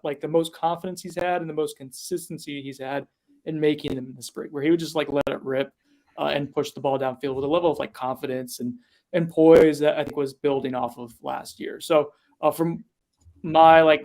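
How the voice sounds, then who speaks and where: A man's voice: on the high side, fairly even intonation, moderate pace, darkish tone. Rambling man on a football podcast. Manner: rambling, filler-heavy, lots of "like". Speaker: college football podcast co-host. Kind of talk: casual podcast chat.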